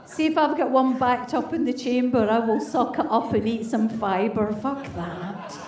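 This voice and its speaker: A woman's voice: on the high side, a little slow, a little mellow, echoey room, far from the mic. A woman in her fifties, a comedy host doing crude, brash stand-up and teasing the crowd. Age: 50s. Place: comedy club stage with audience.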